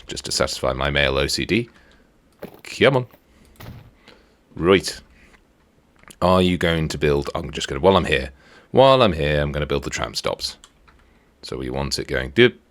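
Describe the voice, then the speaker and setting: Man, extremely deep voice, bouncy animated delivery, casual gameplay commentary, jokey and chatty. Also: normal speed, pauses often. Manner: chatty and playful, jokes with himself while building. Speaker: let's play host.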